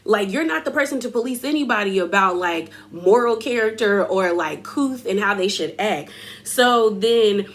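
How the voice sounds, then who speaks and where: A woman's voice: medium pitch, expressive, moderate pace, hardly any pauses, a bit bright. A woman hosting a casual reality TV recap, chatty and full of fillers, laughing as she tells it. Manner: chatty, filler-heavy, laughs while telling. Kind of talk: casual episode recap and commentary.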